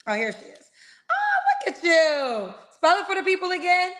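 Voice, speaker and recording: A woman's voice: very high voice, wildly swooping pitch, moderate pace, fairly bright tone. A woman hosting a live singles dating stream over a video call, chatty and playful, sprinkling in slang like "girl" and "child". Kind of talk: casual live-stream chat.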